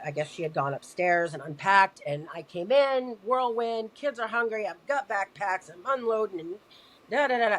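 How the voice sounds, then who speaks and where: A woman guest telling a personal story in conversation, animated and acting out quoted dialogue. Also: on the low side. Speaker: podcast guest.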